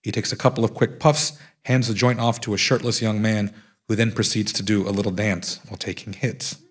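Husky-voiced man reading his memoir aloud. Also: on the low side, brisk. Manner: acts out quoted speech with lively voices. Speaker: author reading from his book. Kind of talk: live reading of a nonfiction memoir.

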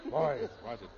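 A man who is the announcer and straight man on a 1950s radio comedy, with booming delivery and dry comebacks. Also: in a large hall. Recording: hissy muffled old radio broadcast.

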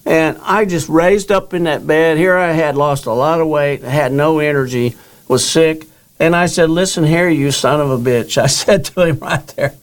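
Older man, interview guest, animated storyteller, quoted dialogue, higher-pitched. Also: moderate pace. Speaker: guest author. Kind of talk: telling his story in an interview.

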